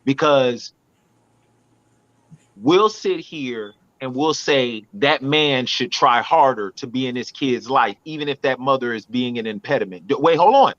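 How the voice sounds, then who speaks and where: A man's voice: mid-range voice, expressive, unhurried, a bit bright, muffled recording. A man co-hosting a podcast, arguing his point in a blunt, preachy and profane way. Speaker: podcast co-host. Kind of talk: casual podcast debate.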